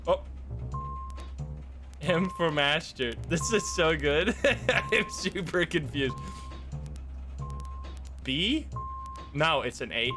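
Young man, game streamer, excitable, laughing, high voice, game music behind. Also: slow, long pauses. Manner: excitable, laughing, swearing reactions. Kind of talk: live gameplay commentary.

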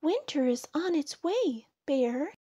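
A woman voicing an excited tiny female ladybug in a storybook, calling out eagerly and high. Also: takes it slowly, dry recording, full character voice.

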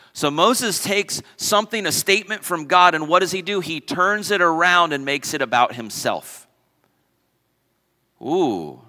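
Bright-voiced pastor preaching in a reverberant hall. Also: male voice, a little high. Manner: emphatic, repeats key phrases and asks the congregation questions. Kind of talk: sermon. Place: church sanctuary.

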